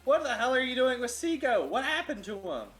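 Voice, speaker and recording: A man's voice: very high voice, sing-song, fairly quick, fairly bright tone, faint music behind, voice pushed up, exaggerated voice. A man voicing an angry giant male orc boss who demands answers in a blustering way. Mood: suspicious.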